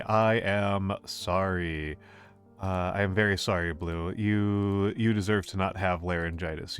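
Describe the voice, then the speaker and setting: A man with a lower voice hosts a casual live stream, talking to viewers as they drop in. He meanders, restarts, and echoes his own lines with a gentle playfulness. Faint music plays quietly in the background. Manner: rambling, repeats phrases, gently playful. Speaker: VTuber streamer.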